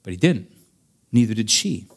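A man preaching a sermon as a pastor, earnest, swinging between emphatic raised passages and quiet storytelling. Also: fairly low pitch, big pitch swings, moderate pace, creaky. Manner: earnest preaching, rising to emphatic peaks, dropping soft for stories.

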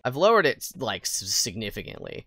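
A woman livestreaming a game, chatting with viewers in a bubbly, goofy way, jumping between squeals and quiet mutters. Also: very deep voice, very animated, normal speed, no echo. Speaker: VTuber game streamer. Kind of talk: casual livestream chat with viewers. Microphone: headset mic. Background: faint game music.

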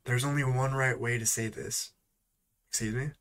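A man's voice: medium pitch, fairly even intonation, fairly bright tone. Exasperated casual man vlogging. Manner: exasperated, sighing, drawn-out repeated attempts at words. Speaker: YouTuber. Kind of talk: casual vlog chat.

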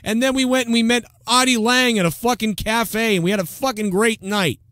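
A man doing a brash high-pitched party-boy host. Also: fairly even intonation, fairly quick, fairly bright tone, dry recording, studio quality. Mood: rowdy. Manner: brash, rowdy, laughing braggadocio. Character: boisterous beer-drinking male radio host, crude and cocky. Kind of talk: mocking impression.

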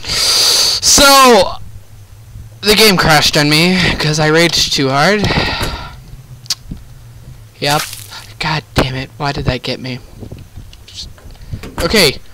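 A man's voice: on the high side, pushed and bright, slight background noise, low-quality recording. Swearing young man ranting over gameplay. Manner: frustrated, swearing, rambling rants. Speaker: gaming YouTuber. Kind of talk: horror game let's play commentary. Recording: game music playing underneath.

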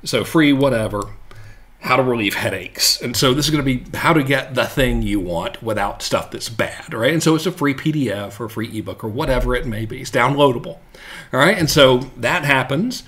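Guy teaching marketing on a live stream, mid-pitch voice, super casual, keeps saying all right and right. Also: expressive, a little fast, a bit bright. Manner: loose and jokey, full of fillers and check-ins. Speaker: marketing coach.

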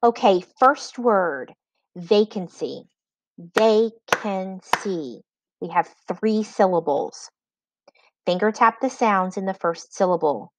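A woman teacher giving a spelling lesson, dictating words slowly and patiently with clear enunciation. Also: on the low side, lively intonation, no room sound, rough recording.

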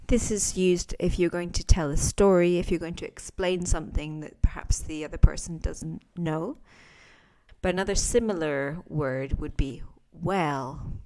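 A woman teaching English phrases in a chatty podcast lesson, acting out sample lines with lively intonation. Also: lowish voice, unhurried.

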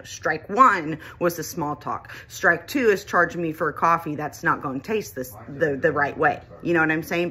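A woman telling an exasperated, animated storytime rant to the camera, swearing freely. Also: low-pitched, moderate pace, breathy edge. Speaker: vlogger. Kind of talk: ranting storytime.

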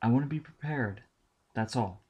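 Man doing a determined woman scientist, insistent, lifted pitch, audiobook. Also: normal speed, faint music behind, close to an everyday voice. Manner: raised pitch, even and insistent. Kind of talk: audiobook reading.

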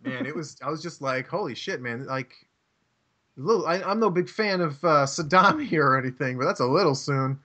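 A man's voice: fairly high pitch, animated, brisk, sharp tone. A man hosting a comedy podcast, telling a rambling, profane story and laughing often. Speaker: podcast host.

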